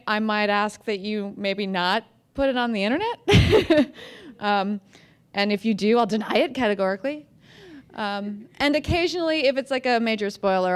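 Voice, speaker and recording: A woman's voice: mid-range voice, clean tone. An American woman author talking casually to an audience, chatty and self-deprecating, with lots of fillers and restarts. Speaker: author giving a talk. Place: museum event room.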